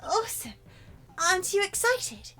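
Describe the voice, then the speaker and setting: A woman voicing an eager young female sidekick in a video game, sounding excited and gushing. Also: extremely high pitch, measured pace, pitched above the performer's own voice, heavily acted. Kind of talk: game dialogue voiced aloud.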